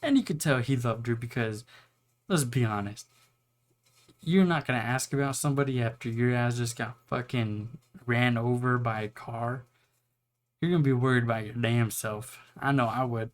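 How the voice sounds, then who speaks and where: A man's voice: medium pitch, normal speed. A young man casually retelling an anime plot, rambling and swearing, now and then acting out the characters' lines. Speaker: anime reviewer.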